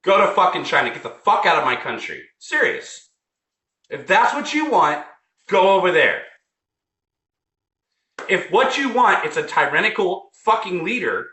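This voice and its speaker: A man's voice: high-pitched, bright, forceful tone. A man ranting in a heated, profane way, repeating himself as he vents. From United States. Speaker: vlogger. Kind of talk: angry political rant. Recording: roomy echo.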